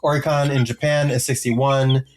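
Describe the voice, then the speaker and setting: A man's voice: medium pitch, flat delivery, moderate pace, a loud crowd. A man co-hosting a music podcast, casually reading out chart positions with lots of filler and joking asides. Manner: jokey, rambling, many filler ums. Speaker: podcast co-host.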